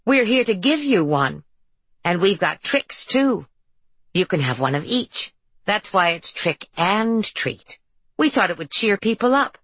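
A woman reading an audiobook, voicing an eager, persuasive masked teenage girl in a raised, high voice. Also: big pitch swings, unhurried, fairly bright tone, no echo. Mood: eager persuading. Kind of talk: audiobook character voice.

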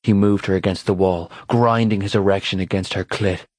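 A man narrating an audiobook in a steady, unhurried reading voice. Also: low-pitched, no echo. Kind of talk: scripted narration.

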